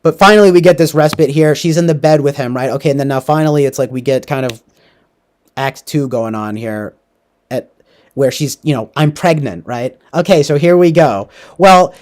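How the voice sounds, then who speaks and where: A young man casually recapping a movie, rambling with lots of fillers. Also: mid-range voice. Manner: rambling, filler-heavy, animated. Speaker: podcast host.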